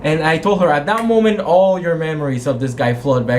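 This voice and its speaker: A man's voice: fairly high pitch, a little fast, a little mellow, a little hiss or hum. A man game master casually retelling a tabletop game session, rambling and correcting himself as he goes and acting out the characters' quotes. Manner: rambling, self-correcting storyteller who acts out quotes.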